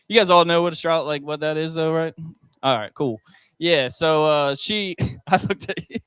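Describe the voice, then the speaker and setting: A young man doing a stand-up set with crowd work on a restaurant stage, talking haltingly with many ums and likes into a handheld mic. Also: a little high, fairly bright tone, clean tone, dry recording. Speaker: stand-up comedian.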